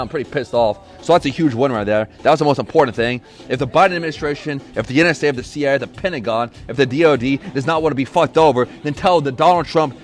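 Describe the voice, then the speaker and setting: Fast-talking angry man ranting. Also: medium pitch. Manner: angry, profane, accusatory; shouting bursts. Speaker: podcaster. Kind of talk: solo rant.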